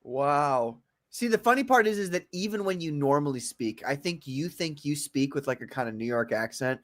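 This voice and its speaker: A man with a fairly high voice riffs through a comedic talk show, cursing freely and swinging between shouting bursts and muttered side remarks. The sound is dry and close, with no room around it. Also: animated, normal speed, no room sound. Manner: joking, swings from loud outbursts to mumbling asides; profane. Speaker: podcast co-host. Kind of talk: casual comedic chat.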